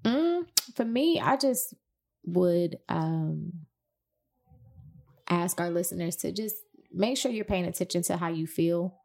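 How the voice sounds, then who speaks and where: A woman's voice: on the low side, lively intonation, slow, creaky, pauses often, darkish tone. A woman co-hosting a casual podcast, speaking in a laid-back, hesitant way. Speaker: podcast co-host.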